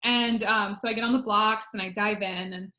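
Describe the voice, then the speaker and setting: A woman's voice: medium pitch, fairly even intonation, moderate pace, bright, forceful tone, echoey room. A woman in her thirties, a former Olympic swimmer, telling a personal story on a webinar in a chatty way with many fillers. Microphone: video call.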